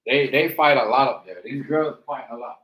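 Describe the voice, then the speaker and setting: A man's voice: medium pitch, normal speed, a bit bright, reverberant, low-quality recording. A man hosting a casual reaction stream, rambling with many fillers and repeated words. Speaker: stream host.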